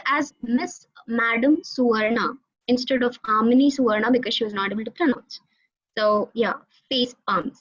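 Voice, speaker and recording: A young woman, giving an animated alumni talk to students over a video call. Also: high-pitched. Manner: animated storytelling, addresses audience directly. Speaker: alumni guest speaker. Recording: dull lo-fi video call audio.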